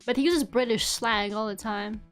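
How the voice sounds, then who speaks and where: A woman's voice: a little high, moderate pace, smooth. A young woman streaming as a VTuber, chatting casually, giggling and swearing now and then, with faint game music behind her. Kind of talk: casual livestream chat.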